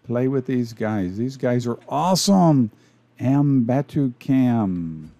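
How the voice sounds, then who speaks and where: Man with a Southern Arkansas accent hosting his game channel, slow and mellow, joking as he plays. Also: mid-range voice, lively intonation, vocal fry, dry recording, highs cut off. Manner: playful, jokey, chatty commentary. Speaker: gaming channel host. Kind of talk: casual gameplay commentary.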